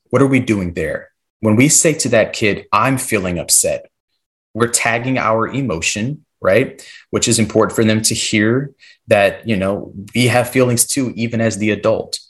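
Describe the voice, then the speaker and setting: Low-voiced man coaching teachers. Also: unhurried. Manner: coaching, rhetorical "right?" check-ins. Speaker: podcast guest, classroom behavior expert. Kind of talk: explanatory podcast talk.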